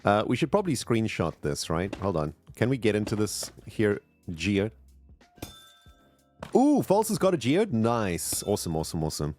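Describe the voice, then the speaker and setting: Animated, excitable male game streamer. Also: lowish voice, normal speed, soft background music. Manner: chatty, excitable, greets viewers. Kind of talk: casual live gameplay chat.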